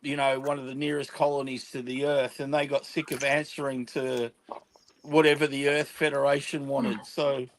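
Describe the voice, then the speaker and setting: A man's voice: medium pitch, flat delivery, moderate pace, rough recording. A man chatting casually on a stream while building a model, rambling through explanations and laughing often. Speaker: guest on stream.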